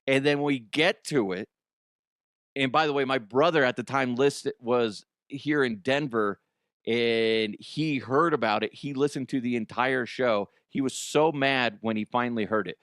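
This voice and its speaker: A man's voice: medium pitch, unhurried, fairly bright tone, dry recording, studio quality. A man hosting a comedy news show, chatting casually, swearing and laughing often at himself. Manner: laughs often, profane, self-mocking.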